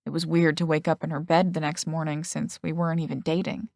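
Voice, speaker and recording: A woman's voice: sits low, level tone, a little fast, gravelly, a little mellow, dry recording, clean studio sound. A woman voicing an earnest, slightly hesitant young man in an audiobook.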